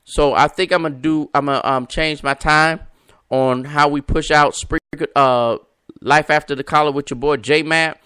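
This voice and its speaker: A man with a bright, forceful voice, a little higher than most, hosts a live call-in show with the repeating cadence of a preacher. His clear, smooth voice sits in a dry, close recording. He calls out to his listeners by name. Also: steady tone, normal speed, no room sound. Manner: emphatic, repetitive, preacher-like cadence; talks to viewers and callers by name. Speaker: podcast host. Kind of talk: live-stream preaching talk.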